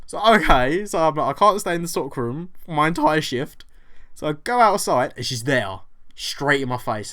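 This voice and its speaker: A young British man, a vlogger, telling a story in a lively way, acting out both sides of the exchange and swearing freely. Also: mid-range voice, moderate pace. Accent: British English. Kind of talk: storytelling vlog.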